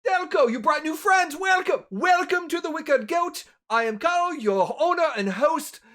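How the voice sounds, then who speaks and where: A game master voicing a jovial older male innkeeper, who shouts greetings with loud, energetic joy. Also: very high-pitched, a little slow, voice pushed up, heavily acted. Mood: overjoyed.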